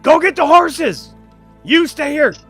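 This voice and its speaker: A man voicing a panicked male gang member who yells frantically, much higher and louder than his own voice. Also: animated, slow, faint music behind, heavily acted. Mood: panicked yelling. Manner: yelling frantically.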